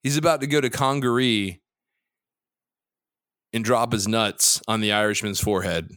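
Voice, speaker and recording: A man's voice: fairly low pitch, moderate pace, a bit bright, clear, resonant tone, dry recording, studio quality. A man co-hosting a casual sports betting podcast, loose and profane, teasing his partner and jumping between topics. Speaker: podcast co-host.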